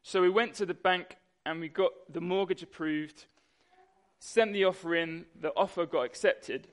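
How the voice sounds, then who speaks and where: A young pastor preaches a sermon at normal speed, animatedly telling a personal story and acting out the people in it. His voice is slightly high for a man.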